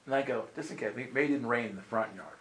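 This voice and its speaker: A man's voice: mid-range voice, fast talker, a crowd in the background, rough recording. A man preaching and telling a personal testimony in a conversational way, acting out what people said and often checking in with "right?". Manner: dramatic, acts out the quoted lines. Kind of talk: sermon storytelling.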